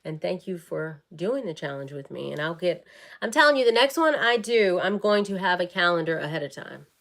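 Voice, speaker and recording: A woman chatting warmly and bubbly with viewers on a casual livestream. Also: fairly low pitch, expressive, brisk, gravelly. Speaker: wellness vlogger and fitness live-streamer.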